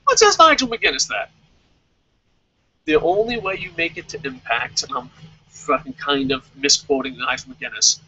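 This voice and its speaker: A man's voice: fairly high pitch, bright, forceful tone, slightly rough, dry recording, lo-fi sound. A young man reviewing a wrestling show in a heated, profane rant. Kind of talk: angry rant in casual chat.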